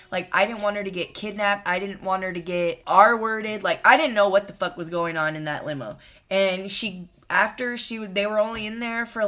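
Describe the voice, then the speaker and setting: A woman's voice: medium pitch, sharp tone. A woman in her twenties telling a storytime to her channel, blunt and profane, exasperated as she retells it. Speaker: vlogger. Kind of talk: storytime monologue.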